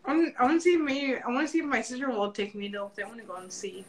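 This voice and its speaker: A woman's voice: a little high, animated, very fast, poor audio. A woman chatting casually on a live painting stream, rambling, repeating words and often saying like. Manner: rambling, repeats words and restarts, says like a lot. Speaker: participant. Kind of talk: casual chat.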